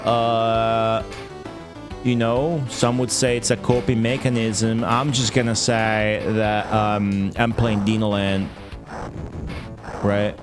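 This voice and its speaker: A man, rambling and swearing through live gameplay stream chatter, laughing often and jumping into high exclamations. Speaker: game streamer. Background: game music.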